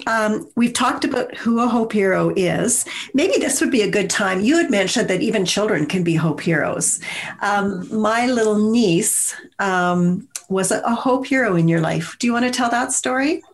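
A woman's voice: medium pitch, animated, a little slow. A woman hosting an interview from her studio, asking friendly, encouraging questions. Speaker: host. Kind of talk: casual podcast interview. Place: home studio.

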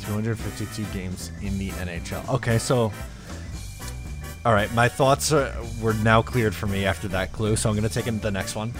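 A man co-hosting a casual hockey podcast, reacting quickly in a relaxed way. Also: fairly low pitch, music in the background. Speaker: podcast co-host.

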